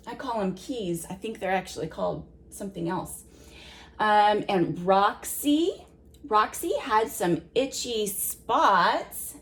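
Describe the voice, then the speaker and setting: Slow, careful woman teaching kids phonics. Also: a little high. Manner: slow, deliberate, sounds out words for young children; asks gentle questions to a child listener. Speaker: preschool teacher. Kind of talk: children's phonics lesson.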